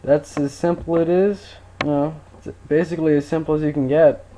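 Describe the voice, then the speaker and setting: A man's voice: on the high side, flat delivery, a little fast, mellow, a little hiss or hum. Laid-back man narrating a screen tutorial. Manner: laid-back, rambling with fillers. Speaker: tutorial maker. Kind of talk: casual screen-recorded tutorial.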